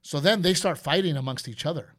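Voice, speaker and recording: Animated man telling a rowdy story. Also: fairly high pitch, a little fast. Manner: animated, acts out quotes, swears freely. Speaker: host. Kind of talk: casual storytelling chat.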